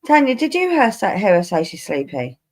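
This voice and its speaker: Woman, Kent English accent, livestream host, casual teasing banter, swears, lively pitch swings. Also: normal speed. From Kent, England.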